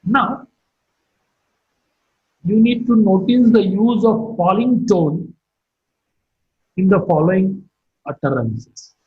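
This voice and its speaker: A middle-aged man giving a recorded phonetics lecture, speaking in a slow, deliberate teaching manner and carefully modeling example sentences. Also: sits high, breathy edge, phone-quality sound. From India.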